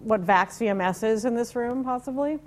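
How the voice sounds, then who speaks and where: A woman's voice: on the high side, normal speed, slight background noise. A woman in her fifties, from the United States, giving a live technical talk with a chatty, informal manner, wry asides and questions to the audience. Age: 50s. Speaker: conference speaker.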